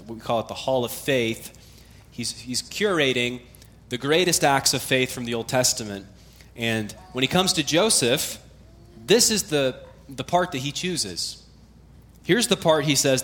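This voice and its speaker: A man's voice: mid-range voice, fairly bright tone. A man preaching a sermon as pastor, in a conversational, explanatory manner with emphatic repetition, often letting his voice fall away at the ends of phrases.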